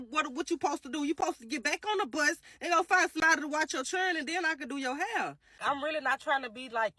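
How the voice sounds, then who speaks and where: A young woman rants bluntly and with exasperation. Her voice sits high and sounds bright and sharp. The recording is dry and close. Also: dry recording, poor audio. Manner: blunt, exasperated, heavy slang. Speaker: commentator. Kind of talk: casual reaction commentary.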